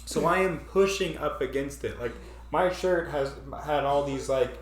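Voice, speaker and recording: A man's voice: on the high side, normal speed, echoey room. A man hosting a casual chat, telling a story with frequent laughs and acted-out panic. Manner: animated, laughing often, acts out his own panic. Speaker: podcast host.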